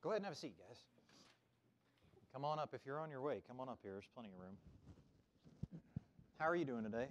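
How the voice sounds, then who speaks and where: In a church sanctuary, a middle-aged minister from Oklahoma gives a friendly children's sermon, having the kids repeat words after him. His medium-pitched voice is very animated and fast with frequent pauses, captured in a dull lo-fi church recording.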